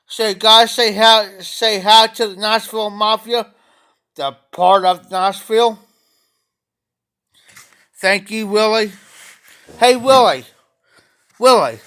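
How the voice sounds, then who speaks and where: A man, chatting slowly and rambling on a livestream from an auction house and greeting viewers by name. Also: high voice, pushed and bright, clear, resonant tone. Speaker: pipe-smoking livestream host. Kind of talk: casual livestream chat to viewers. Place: auction house, former bar room.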